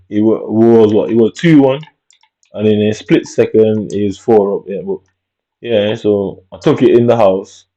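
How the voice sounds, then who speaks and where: Mellow, low-voiced British man rambling. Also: dull audio. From Jamaica. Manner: rambling and reflective, tags lines with "innit". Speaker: vlogger. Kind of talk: casual storytelling monologue.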